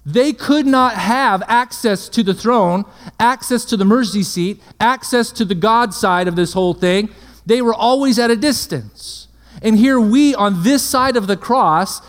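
A man preaching a sermon, full of rhetorical questions and checking in with his listeners. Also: high-pitched. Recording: long hall reverb.

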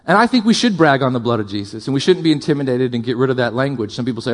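Delivering his sermon very fast and with hardly a pause, this male pastor speaks in a mid-range voice. His passionate preaching swings between loud, emphatic build-ups and softer asides and jokes aimed at the congregation.

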